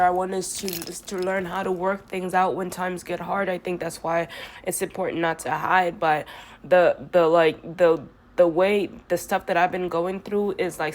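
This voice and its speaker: A woman's voice: on the low side, a little mellow. A woman talking straight to camera in an earnest, rambling monologue, sounding congested and often restarting her sentences. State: congested from sinus trouble.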